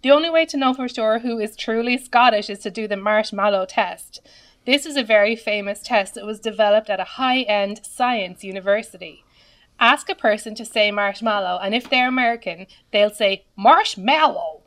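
A woman panelist on a radio comedy quiz, reading a scripted funny story with a wry, deadpan delivery. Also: mid-range voice, normal speed.

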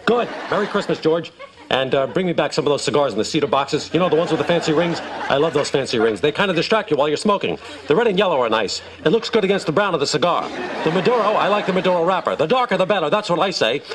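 A man's voice: fairly high pitch, expressive, fast talker, crowd noise, noisy background, pitched above the performer's own voice, close to an everyday voice. A man voicing a blustery, self-absorbed male baseball team owner who rambles on in a sitcom clip with studio audience laughter.

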